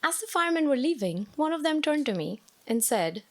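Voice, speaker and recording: A woman's voice: high-pitched, big pitch swings, brisk. A woman performing a personal story on stage at a live storytelling show, with a wry, self-mocking delivery.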